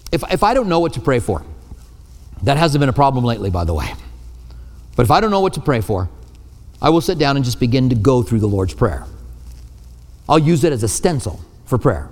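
A male pastor giving a sermon from a church pulpit, talking in a conversational way with self-deprecating asides. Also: a little high. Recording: long hall reverb.

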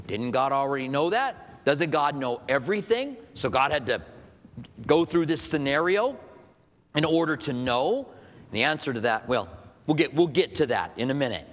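A man's voice: fairly high pitch, expressive, normal speed, a bit bright. Man preaching in a reverberant hall. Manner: conversational preaching with rhetorical questions. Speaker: pastor. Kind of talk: sermon.

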